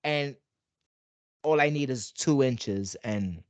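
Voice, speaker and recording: A man's voice: medium pitch, slow pace, dry recording. A man hosting a podcast in casual chat, joking and laughing easily.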